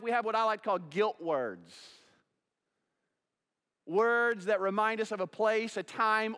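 A man with a high voice preaches to his congregation, asking questions and playing both sides of the exchanges he tells. His words ring out with a long reverb from the church sanctuary. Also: fairly bright tone, smooth. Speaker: pastor. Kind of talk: sermon.

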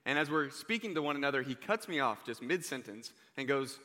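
Bright-voiced young male youth preacher. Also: mid-range voice, fairly quick. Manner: energetic, joking, conversational. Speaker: youth pastor. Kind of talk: youth sermon with storytelling. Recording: reverberant hall.

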